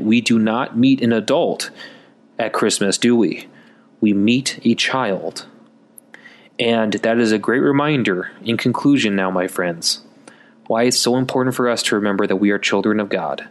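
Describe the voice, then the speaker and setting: A man giving a conversational Catholic Advent sermon in a folksy, chatty way, calling listeners folks. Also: lowish voice. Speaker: Catholic preacher.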